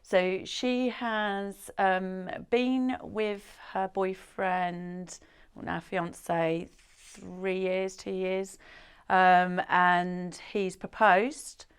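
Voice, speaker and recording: A woman co-hosting a talk show and podcast, reacting quickly and reading out a listener's question. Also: mid-range voice, flat delivery, clean tone. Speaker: co-host. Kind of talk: casual chat.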